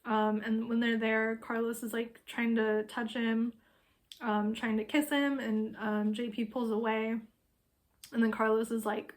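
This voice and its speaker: A woman with a fairly high voice retells a memoir in easy, casual chat. She speaks in a level, even tone and fills her sentences with "um" and "like." Her delivery is relaxed and conversational, like an astrologer talking through a book. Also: normal speed. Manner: loose, filler-heavy talk with frequent "um" and "like".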